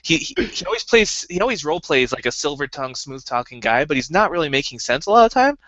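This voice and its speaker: A man who co-hosts a podcast and runs tabletop games talks quickly in a bright, somewhat pressed voice. The sound is dry and a little dull, like a home podcast setup. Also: on the high side, sing-song, dry recording. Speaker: podcast co-host and game master. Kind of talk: casual chat.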